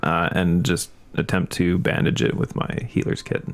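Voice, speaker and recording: A man's voice: deep voice, monotone, normal speed. A man playing a tabletop game, plainly stating his character's actions. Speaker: player. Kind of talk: casual tabletop role-play.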